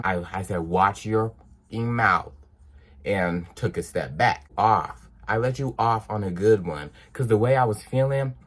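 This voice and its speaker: Young male vlogger, lowish voice, casual animated storytelling. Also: slightly rough. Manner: animated, acts out dialogue in quotes.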